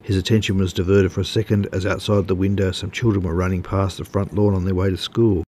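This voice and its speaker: A man narrating a story in a steady, measured reading voice. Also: low-pitched.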